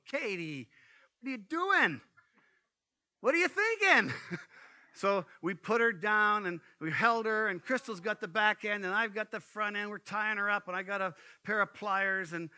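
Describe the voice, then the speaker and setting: Pastor guy preaching, tells stories, lots of asides, high bright voice. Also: normal speed, hardly any pauses, clean tone. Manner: animated storytelling with asides. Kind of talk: sermon.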